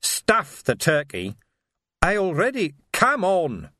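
A worn-out, gruff police commander, read by a male narrator, terse and urgent. Close, dry storybook reading with a lively lilt. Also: sits high, slow pace, dry recording, voice pushed up, heavily acted.

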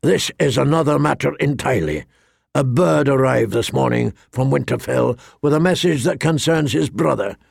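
A man's voice: medium pitch, normal speed, vocal fry, husky, no echo, studio quality. A man reading an audiobook, voicing a harsh, scornful knight who sneers coldly. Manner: cold, sneering. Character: harsh, scornful male knight and drill master.

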